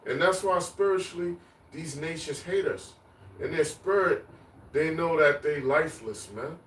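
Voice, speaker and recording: A man with a fairly high, fairly bright voice preaches on the street as a street teacher, speaking at a moderate pace. He is emphatic and repetitive, chanting lists of words. The recording is echoey with a distant mic, faint ambience, and slight background noise.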